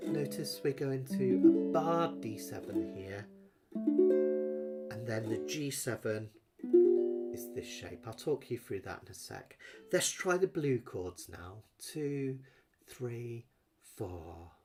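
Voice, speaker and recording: Loud music sits under this man's mid-range voice as he slowly and very animatedly leads a live online ukulele class, with ukulele playing in the background. His webcam frames him close up, and he stays chatty and encouraging, singing along at times as he plays.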